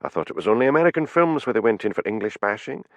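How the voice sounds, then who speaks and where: A man voicing a calm, dry-witted village policeman in an audiobook. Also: fairly low pitch, very fast, no echo, muffled recording. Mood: inquiring.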